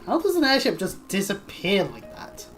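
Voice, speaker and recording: A woman's voice: mid-range voice, wildly swooping pitch, normal speed, soft background music. A woman streaming a video game, chatting casually, joking and swearing freely as she plays.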